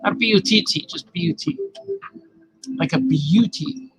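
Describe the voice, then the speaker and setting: A man's voice: high voice, measured pace, husky, low-quality recording. A man casually chatting while he draws on a livestream, playful and reading viewer comments aloud. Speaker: cartoonist livestreaming his drawing. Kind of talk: casual chat while drawing.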